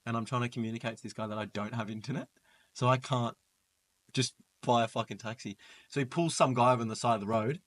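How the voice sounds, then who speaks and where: A man's voice: medium pitch, steady tone, brisk. A man telling a travel story in a casual chat among friends, acting out bits of it with laughs. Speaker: guest. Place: indoors, holiday flat.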